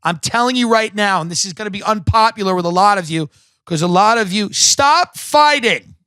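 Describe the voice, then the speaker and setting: A man with a high, sharp, tense voice rants emphatically through a comedic podcast monologue, swearing freely. The sound is dry and close, with no room around it. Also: quick pace, clear, resonant tone, dry recording. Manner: profane, emphatic ranting. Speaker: podcast host.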